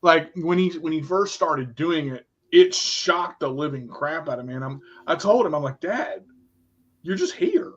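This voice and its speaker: A man's voice: fairly high pitch, moderate pace, few pauses, fairly bright tone. A middle-aged man, a radio host, telling a personal story in casual talk. He is emotional and repeats himself, often restarting his sentences. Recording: dull lo-fi sound.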